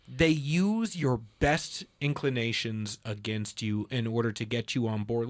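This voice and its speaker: Animated man telling a story. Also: mid-range voice, takes it slowly. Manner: animated storyteller, acts out dialogue in a raised voice. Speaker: host. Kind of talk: casual political talk.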